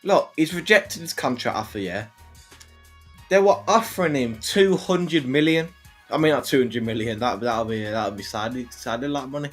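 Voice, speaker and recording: A man co-hosting a casual football livestream, giving his opinions in a halting way full of restarts. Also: medium pitch, expressive, faint music behind.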